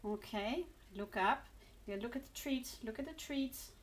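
A woman's voice: a little high, measured pace, noisy background. A woman from England coaxing her cat into posing for photos, cooing and encouraging it along. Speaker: pet owner filming her cat. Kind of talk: coaxing talk to a pet.

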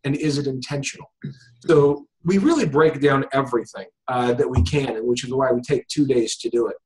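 A man's voice: medium pitch, brisk, darkish tone, slight background noise, rough recording. A man who teaches hypnosis, talking casually as an interview guest with lots of fillers and restarts. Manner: casual, thinks aloud with frequent fillers and restarts. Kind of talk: conversational interview. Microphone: video call.

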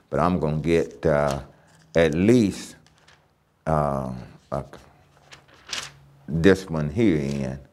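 A man's voice: rumbling low, darkish tone. A man teaching a church Bible lesson, emphatic and repeating key phrases as he reads scripture aloud.

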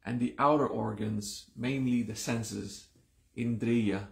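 A man leads a class at an unhurried pace, saying each term slowly and then repeating it. His voice is gravelly and a little groggy, as if he just woke up. The room around him has a clear echo. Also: medium pitch, steady tone. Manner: slow and deliberate, repeating terms several times. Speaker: yoga teacher. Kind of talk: live-streamed class teaching.

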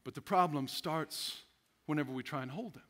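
A male pastor preaching a sermon, animated, laughing often and acting out the voices of stressed people. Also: fairly high pitch, normal speed. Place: church sanctuary.

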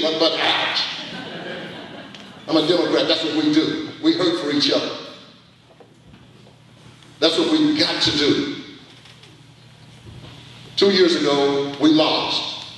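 Male orator, bright forceful voice, preacherly build and repetition; distant echoey banquet-hall recording. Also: fairly high pitch, steady tone, measured pace, long pauses. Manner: preacherly, building to emphatic rising peaks with repetition. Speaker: political speaker. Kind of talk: rousing political speech.

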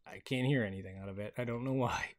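A man hosting a casual gameplay video on a headset mic, excitable and chatty, laughing often. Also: mid-range voice, fast. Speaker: gaming video host.

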